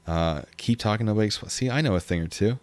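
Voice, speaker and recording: A young man with a slightly low voice hosts a casual livestream. He rambles loosely from one thought to the next and reads viewer comments aloud as he goes. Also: fast talker. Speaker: livestream host.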